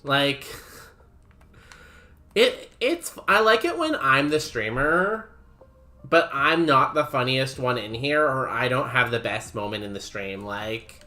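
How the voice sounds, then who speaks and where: Chatty young man with a bright voice. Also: medium pitch, animated, slow pace. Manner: laughs often, chatty, says "like" a lot. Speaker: streamer. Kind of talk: casual chat while playing a game.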